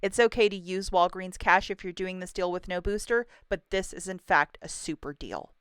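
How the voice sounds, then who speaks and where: A woman's voice: on the low side, normal speed, clear, resonant tone, dry recording, studio quality. A woman hosting her own couponing channel, walking through the week's store deals in a bubbly, chatty, upbeat way. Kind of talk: deal rundown vlog.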